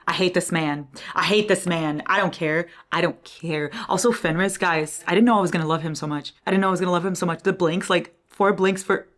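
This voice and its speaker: A woman's voice: on the low side, fairly quick. A young woman reading and gushing in a casual, emotional book vlog, swearing freely. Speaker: book vlogger.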